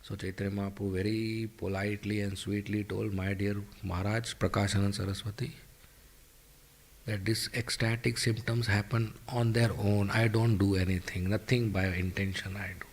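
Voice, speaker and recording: A man's voice: lowish voice, little pitch movement, moderate pace. A man giving a devotional scripture class in a temple, telling a story with acted-out voices and chanted verses. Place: temple hall.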